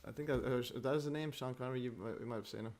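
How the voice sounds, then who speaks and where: A man hosting a livestream in casual chat, halting and full of restarts, chuckling often as he talks. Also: mid-range voice, a little mellow. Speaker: livestream host.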